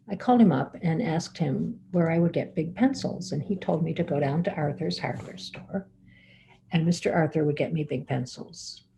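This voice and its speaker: A woman telling a personal family story to an audience, unhurried and halting, with fillers and restarts. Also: low voice, vocal fry, warm tone, a little hiss or hum, rough recording.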